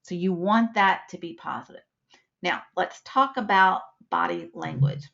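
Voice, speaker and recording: A woman's voice: fairly low pitch, animated, unhurried, gravelly, fairly bright tone, lo-fi sound. A woman instructor giving a live webinar lesson, explaining points with acted-out examples.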